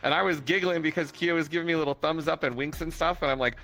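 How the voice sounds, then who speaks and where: A young man whose voice is bright and sharp, with a gravelly, fry-heavy edge. He tells his stories in a giggly, animated way in a casual gaming chat. Faint music hums behind him. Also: a little high, fast talker, few pauses.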